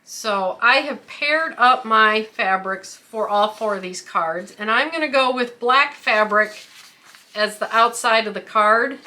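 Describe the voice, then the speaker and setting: A woman's voice: a little high, unhurried, sharp tone. A woman hosting a quilting tutorial who explains each step carefully, with the odd filler. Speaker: quilting channel host. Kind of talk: craft tutorial.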